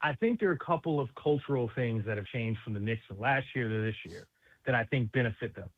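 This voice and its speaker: Ny guy on the phone, lively up-and-down voice, slangy, laughs a lot, sounds like a phone call. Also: mid-range voice, fast. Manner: animated, laughing storyteller with New York slang. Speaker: basketball analyst guest. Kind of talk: casual sports radio chat. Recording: tinny phone line.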